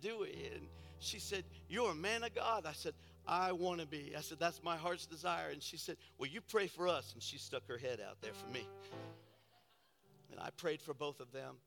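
Bright-voiced pastor preaching. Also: male voice, on the high side, normal speed, faint music behind. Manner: storytelling, building to loud preaching; soft and intimate in storytelling, loud and fervent in exhortation. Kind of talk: sermon.

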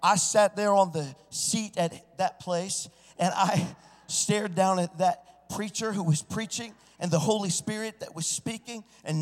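A man preaching a sermon, swinging from hushed storytelling to loud, shouted exclamations. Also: high-pitched, fairly even intonation, a little slow. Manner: preaching with sudden swells into shouting. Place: church. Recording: church sanctuary with long reverb.

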